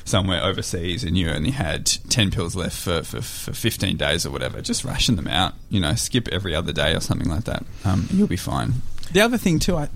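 A young man, talking in a relaxed, reassuring way with many fillers and restarts. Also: fairly low pitch, creaky, a little hiss or hum. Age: young adult. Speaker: community organiser, guest. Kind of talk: casual conversation.

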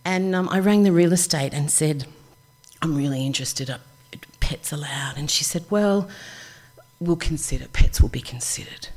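A middle-aged Australian woman telling a personal story live, chatty and animated, acting out the voices of people she quotes. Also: low voice, normal speed.

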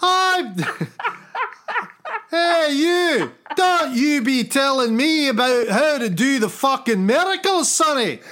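A man putting on a cranky Scottish God, old as time, swearing and scolding in a high voice. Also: big pitch swings, slow, pushed and bright, full character voice. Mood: indignant. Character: grumpy foul-mouthed ancient male God, overworked.

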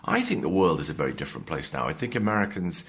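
A man in his fifties with an English accent, an actor being interviewed in a hotel room, joking in a dry, deadpan way with halting restarts. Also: sits low. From England. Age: 50s. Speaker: actor guest.

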